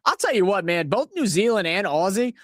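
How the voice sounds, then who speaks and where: A watch-along host from New Orleans, USA, talks casually over a live match in a fairly quick, high-sitting male voice with a New Orleans accent. He rambles, swears, gets excitable and tells stories along the way. The studio recording is clean, with no echo.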